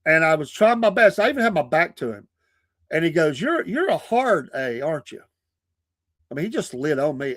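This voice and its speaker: A man, a podcast host and preacher, telling stories in a casual, animated way, often breaking into laughter. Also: on the high side, dry recording. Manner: animated, laughing often, acting out quoted people.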